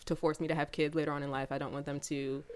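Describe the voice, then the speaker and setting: A woman in casual chat, reasoning thoughtfully and in a measured way. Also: low voice, flat delivery, over a noisy crowd.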